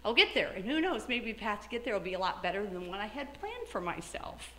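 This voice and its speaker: A middle-aged woman giving a motivational talk as keynote speaker, animated, acting out her own thoughts in lively asides. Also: medium pitch, quick pace, roomy sound. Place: lecture hall.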